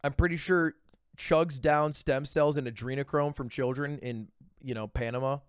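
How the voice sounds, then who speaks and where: A man's voice: medium pitch, steady tone, normal speed, clear, resonant tone, no echo, studio quality. A man streaming from home who chats casually and rambles while joking, trailing off with little filler noises. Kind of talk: casual chat reacting to videos.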